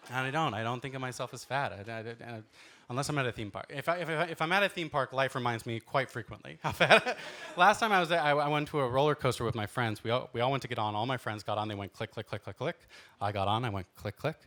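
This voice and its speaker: A Los Angeles stand-up comedian in his thirties tells self-deprecating stories theatrically on a club stage. His medium-pitched voice is fast and fairly bright. The live club recording is noisy.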